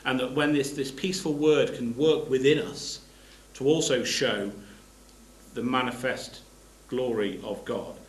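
A man's voice: medium pitch, unhurried, roomy sound, poor audio. A man giving a sermon. He reads scripture aloud and explains it plainly, stopping to restart his phrases. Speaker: preacher.

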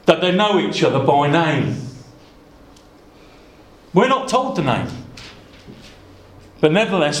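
Earnest preacher man in an echoey hall. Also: fairly high pitch. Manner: earnest, conversational, many asides and restarts. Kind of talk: expository Bible sermon. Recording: echoey room.

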